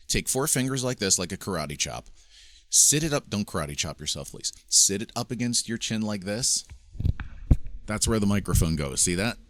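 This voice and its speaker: Low-pitched with a fairly bright tone, this man is coaching speakers on how to use a microphone. The casual, step-by-step instructional video demo takes place in his home studio with a mixing board, and he switches between handheld microphones as he goes.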